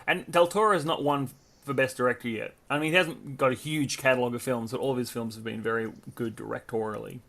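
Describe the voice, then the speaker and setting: A man co-hosting a movie podcast in casual chat, jokey and quick to laugh. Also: medium pitch, steady tone, gravelly, fairly bright tone. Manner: jokey, does playful celebrity impressions, laughs often. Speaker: podcast co-host.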